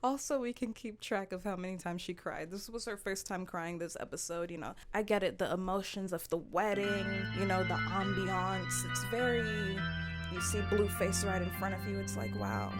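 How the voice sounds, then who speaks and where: A woman's voice: medium pitch, lively intonation, moderate pace. Woman vlogger, playful and blunt recap host, laughs a lot, music bed underneath. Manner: playful, laughs often, blunt slangy asides. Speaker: vlogger recapping a reality show. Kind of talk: casual recap commentary. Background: background music.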